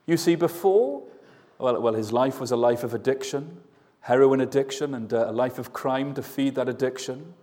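A man preaching an evening sermon, slow and earnest, often asking his listeners questions. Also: mid-range voice, dark tone. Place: church. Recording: long church reverb, voice at a distance.

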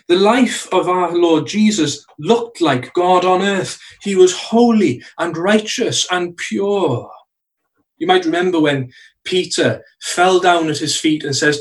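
A man preaching a sermon in a church, earnest, slowing down to stress key phrases. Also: fairly high pitch, far from the mic, rough recording.

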